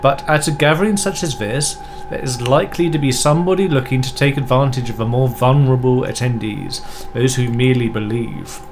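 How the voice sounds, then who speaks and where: A man's voice: mid-range voice, brisk, noisy background, close to an everyday voice. Man doing a French debunker. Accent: put-on French. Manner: formal, sprinkles French words. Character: fussy French male debunker of mystics.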